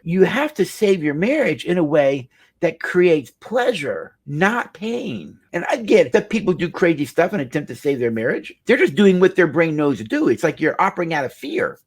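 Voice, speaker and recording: Animated, husky-voiced male counselor. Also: fairly high pitch. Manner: animated, emphatic preaching delivery. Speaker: marriage counselor. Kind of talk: talk to camera, storytelling.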